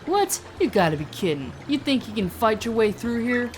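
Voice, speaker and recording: A woman's voice: fairly high pitch, big pitch swings, moderate pace, pitched above the performer's own voice. A woman voicing a cocky, mocking male street thug with a tough, taunting manner, over game music.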